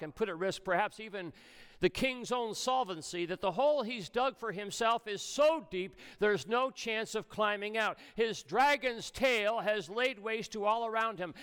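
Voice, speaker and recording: A male pastor preaching a sermon, swinging between soft, low passages and raised, emphatic ones. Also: clear, resonant tone.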